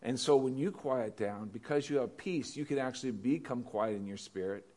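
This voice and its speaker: A man's voice: mid-range voice, normal speed, dark tone. Male pastor giving a sermon, conversational, keeps checking in with the congregation. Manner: conversational preaching with questions to the congregation.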